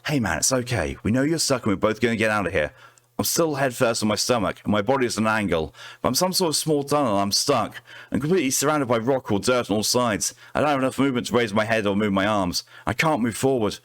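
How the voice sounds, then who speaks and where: A man's voice: mid-range voice, expressive, fast talker, no echo, close to an everyday voice. A man voicing a male test subject trying to rescue another, reassuring at first and then alarmed. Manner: reassuring turning frantic.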